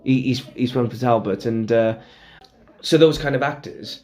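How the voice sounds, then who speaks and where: A man's voice: medium pitch, moderate pace. Welsh man, podcast host, casual chat, outspoken and profane, ranting with gusto. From Wales. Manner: blunt, swears freely, animated rants.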